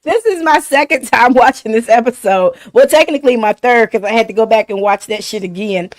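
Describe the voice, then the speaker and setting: A woman's voice: on the high side, brisk. Chatty woman streamer reacting. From Arizona, US. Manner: chatty, laughs often, talks back to chat. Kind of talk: casual reaction commentary. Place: apartment in Korea.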